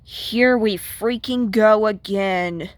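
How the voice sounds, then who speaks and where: A woman's voice: medium pitch, slow pace, dry recording, lightly acted. A woman voicing an exasperated young female washing machine girlfriend in a comic strip, sassy and fed up.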